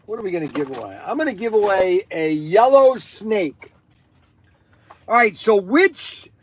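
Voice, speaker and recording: A man hosts a live stream in a high, bright-edged voice with a dry, close sound. He rambles excitably from one thought to the next and fills the gaps with ums and uhs. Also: no room sound. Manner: rambling, excitable, many fillers. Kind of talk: casual live-stream chat.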